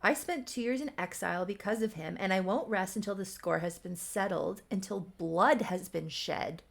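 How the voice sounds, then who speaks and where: A woman's voice: mid-range voice, normal speed, vocal fry. A woman voicing a young man, an angry, vengeful brother, recapping a life-sim soap opera. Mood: furious. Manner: shouting, bitter.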